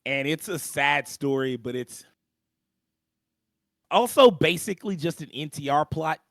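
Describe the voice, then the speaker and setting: A young man co-hosting a podcast, recapping an anime plot in a slangy, animated storytelling manner and clearing his throat often. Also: a little high, a little slow, no echo, clean studio sound. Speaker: podcast co-host. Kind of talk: casual anime recap chat.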